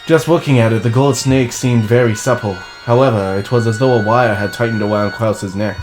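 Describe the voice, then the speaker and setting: A man's voice: medium pitch, fairly even intonation, normal speed, over music, poor audio. A man casually reading a visual novel aloud as a let's play host, laughing often and swearing. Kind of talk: casual game read-along.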